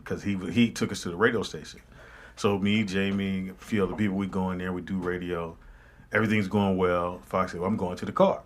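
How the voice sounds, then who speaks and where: A man hosting a casual talk show, telling a funny story with animated voices. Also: low-pitched, brisk. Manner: animated, acts out voices in anecdotes. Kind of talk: casual chat and comic storytelling.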